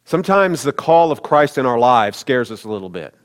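A man's voice: medium pitch, big pitch swings, fairly quick. Man preaching in a reverberant hall. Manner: conversational, speaks directly to the congregation. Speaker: pastor. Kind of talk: sermon.

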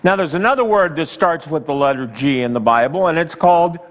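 An animated pastor delivers a sermon to his congregation, speaking slowly and emphatically, leaning on each phrase, leaving long dramatic pauses, and putting direct questions to the listeners. His voice, a bit higher than most men's, rises and falls widely, and a long reverb trails every line as if in a large sanctuary.

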